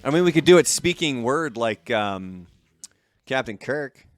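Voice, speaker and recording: A man's voice: mid-range voice, expressive, measured pace, loud music behind the voice. A man co-hosting a podcast who chats casually and reads passages aloud from his notes. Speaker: podcast co-host.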